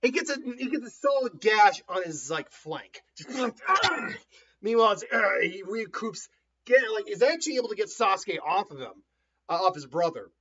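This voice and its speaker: A man casually retelling a story in an animated way, often laughing and acting out voices, on a dull lo-fi recording. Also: high-pitched, brisk, slightly rough.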